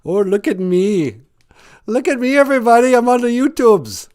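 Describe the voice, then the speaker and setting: A man's voice: very high voice, animated, moderate pace, a little mellow, voice pushed up. A man putting on a mocking voice of a vain, self-admiring show-off. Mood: preening. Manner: sing-song mocking.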